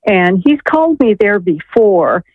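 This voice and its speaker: A woman's voice: mid-range voice, very animated, a little slow, breathy edge, dry recording. A woman from Maine calling in to a radio show, telling a story earnestly and rambling with many fillers over a phone line. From Maine, USA. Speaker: caller. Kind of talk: call-in testimony.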